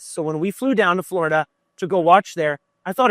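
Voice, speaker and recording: A man in his thirties, a guest musician, telling stories with animated, fired-up energy in a casual podcast chat. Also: high voice, a little fast, no echo. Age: 30s.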